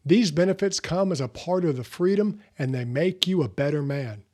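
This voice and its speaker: A man's voice: fairly high pitch, lively intonation, normal speed, a little mellow, husky. A man hosting a motivational podcast, talking earnestly in a conversational way. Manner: earnest, conversational, with fillers and restarts. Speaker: podcast host.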